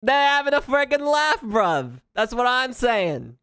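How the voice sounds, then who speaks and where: A streamer putting on a loud outraged British bloke. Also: sing-song, unhurried, smooth, dry recording, studio quality. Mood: scoffing. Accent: put-on British, slipping toward Australian. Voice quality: loud, high-pitched indignation. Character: mock-outraged British bloke, cockney slang.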